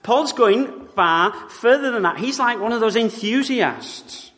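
Male British preacher, bright lively pitch, conversational wry sermon, reverberant church hall. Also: measured pace. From Britain. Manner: wry, conversational preaching with rhetorical tag questions.

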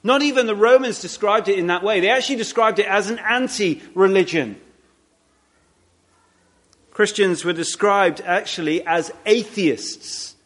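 A man with a high-pitched, slightly bright voice preaches to his congregation in a conversational way, often restarting sentences and adding asides. He is emphatic, slowing right down to lean on the words at his key points.

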